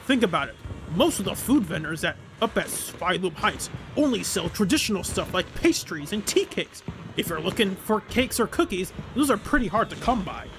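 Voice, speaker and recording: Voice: mid-range voice, very animated, moderate pace, background noise. A streamer voicing an easygoing frugal panda. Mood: chatty. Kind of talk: voicing game dialogue aloud.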